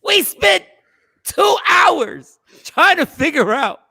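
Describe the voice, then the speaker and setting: A man hosting a casual morning talk show, telling animated stories with a gravelly voice. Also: very high voice, takes it slowly, no echo, raised voice, clean studio sound. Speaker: radio show host.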